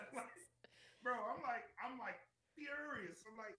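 A man co-hosting a podcast, telling a story in casual chat with animated delivery and heavy swearing. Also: high voice, unhurried, roomy sound, a little hiss or hum. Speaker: podcast co-host.

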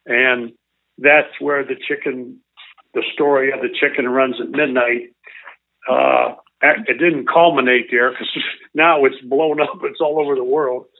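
A man's voice: medium pitch, fairly even intonation, vocal fry, no echo. Older man telling a story over a tinny line. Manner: earnest, halting, repeats himself. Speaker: interview guest, former baseball coach. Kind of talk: emotional storytelling.

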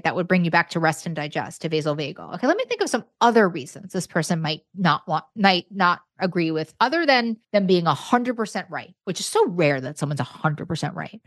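A woman's voice: on the low side, no room sound, studio quality. A woman therapist as a podcast guest, talking casually with blunt, irreverent straight talk.

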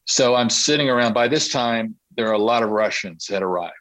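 A middle-aged man, a guest on an interview podcast, telling a story in a casual, animated way and acting out the dialogue. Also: medium pitch, brisk, dry recording, poor audio. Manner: animated anecdote-telling, acts out quoted dialogue. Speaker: interview guest, Olympic marketing consultant.

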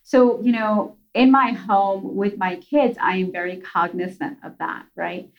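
A middle-aged woman pediatrician talking as an interview guest, earnest and rambling, with many restarts, who also tells stories with lively voices. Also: medium pitch, a little slow. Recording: dull lo-fi audio.

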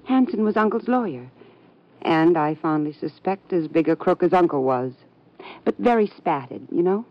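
An actress playing a sardonic young woman who speaks in a dry, deadpan way, in 1950s radio drama style. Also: on the low side, moderate pace, lightly acted. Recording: dull lo-fi old radio recording.

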